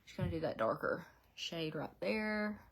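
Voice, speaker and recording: A middle-aged woman from Georgia with a Southern drawl, talking low and easy as she does her makeup. She rambles in a chatty way and laughs often, like she's catching up with friends. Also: lively intonation, moderate pace, creaky. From Southeast Georgia, USA. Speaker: beauty vlogger. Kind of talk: casual chat while doing makeup. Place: her home beauty room, indoors.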